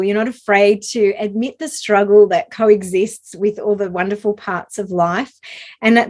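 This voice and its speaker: A woman hosting a podcast interview, effusive and enthusiastic. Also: mid-range voice. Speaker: podcast host.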